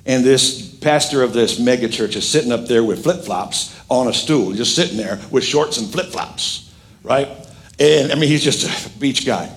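A middle-aged man preaching a sermon as pastor, animated and emphatic with frequent jokes. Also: mid-range voice, moderate pace.

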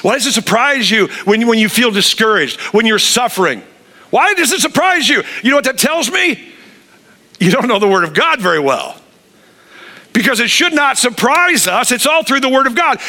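Bright, animated male preacher. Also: extremely high pitch. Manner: animated preaching, acts out quoted voices. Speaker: pastor. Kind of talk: sermon.

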